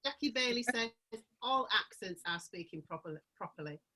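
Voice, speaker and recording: A woman with a Yorkshire accent on a casual live-streamed panel chat, animated and fond of mimicking voices and dialogue. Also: mid-range voice, moderate pace.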